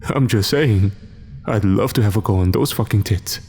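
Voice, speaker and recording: A man's voice: lowish voice, normal speed, a little mellow, a little hiss or hum, natural voice. A man voicing a drunk, cheeky soldier who slurs his words. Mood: defensive. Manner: slurring, cheeky.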